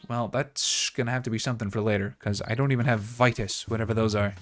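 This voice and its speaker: A man's voice: lowish voice, steady tone, fast, few pauses, faint music behind. A man from Canada chatting casually while he plays a video game, rambling with lots of fillers. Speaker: streamer playing a game. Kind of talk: casual gameplay commentary.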